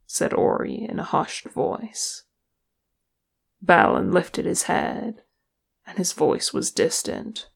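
A woman narrating a story as an audiobook reader, with measured, expressive delivery. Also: fairly low pitch, gravelly, breathy edge. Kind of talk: narrating fan fiction.

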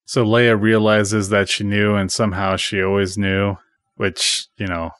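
A man with a deep, low voice casually recaps a movie, quoting the dialogue without acting it out. His voice sounds dry and close, with no room echo. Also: measured pace. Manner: retells scenes, quoting dialogue flatly. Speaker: podcast host.

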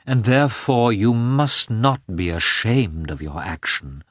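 A man voicing a devout, ecstatic countess who speaks softly and fervently. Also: on the low side, lively intonation, a little slow, dry recording, clean studio sound, voice pushed up. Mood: fervent consoling. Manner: soft, fervent, sighing. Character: pious ecstatic countess, middle-aged, consoling and devout. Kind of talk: audiobook character voice.

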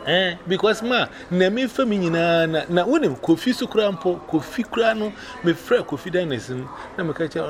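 A man with a Ghanaian accent telling a personal testimony in a casual, animated way, switching between Twi and English. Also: sits high, a little fast, hardly any pauses. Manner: mixes Twi and English, animated retelling with quoted voices. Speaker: evangelist. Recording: audible background noise.

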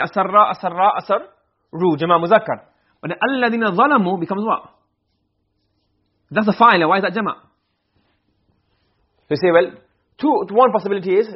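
Over dull audio, a husky-voiced man whose pitch sits high teaches grammar in a classroom lecture. He explains concepts, then fires off quick questions to see whether students understood.

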